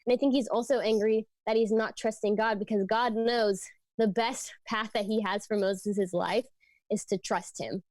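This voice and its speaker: A woman's voice: mid-range voice, steady tone, normal speed, darkish tone, dry recording. Young woman giving a chatty youth talk. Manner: conversational, frequent fillers like "like" and "um"; earnest, teaching from scripture. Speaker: youth ministry speaker. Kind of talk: casual youth sermon.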